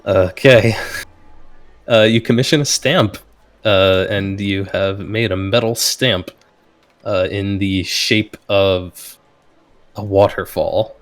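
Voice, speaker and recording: A man's voice: fairly low pitch, fairly even intonation. A man narrating a tabletop game as game master, hesitant and full of fillers. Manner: slow, hesitant, lots of fillers.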